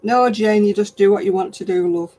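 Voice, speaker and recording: A woman's voice: medium pitch, normal speed, mellow, breathy edge, low-quality recording. A woman with a broad Lancashire accent, chatting homely with viewers while crocheting on a craft livestream. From Lancashire, England. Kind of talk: casual chat, answering viewer comments while crocheting.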